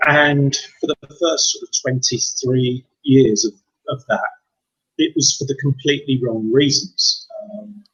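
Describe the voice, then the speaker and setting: A man in his fifties, a podcast guest, telling his personal story in a halting, reflective way. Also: medium pitch, fairly even intonation, fairly bright tone, husky, muffled recording. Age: 50s. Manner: reflective, halting with repeated restarts. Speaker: guest, mindset coach.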